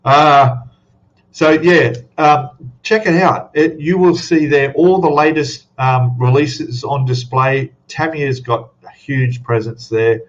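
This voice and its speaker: A man's voice: fairly high pitch, takes it slowly, lo-fi sound. A man hosting a casual live stream, rambling chattily and greeting viewers by name. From Australia. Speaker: livestream host.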